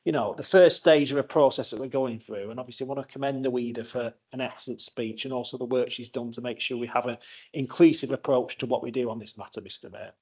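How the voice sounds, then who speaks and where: A man speaking as a councillor at a council meeting, earnest and measured, often saying "obviously" and "you know". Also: mid-range voice, steady tone, a little mellow, slightly rough. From England. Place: council chamber.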